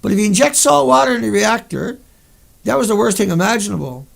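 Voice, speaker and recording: A man's voice: high voice, lively intonation, fast, creaky. A man hosting a video, delivering an angry monologue over pictures in a furious, profane rant full of sudden outbursts. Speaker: video host.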